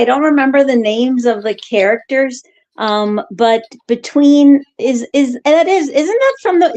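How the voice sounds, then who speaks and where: A woman co-hosting a poetry show, chatting casually and giving praise with halting restarts. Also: on the high side, darkish tone. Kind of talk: casual chat.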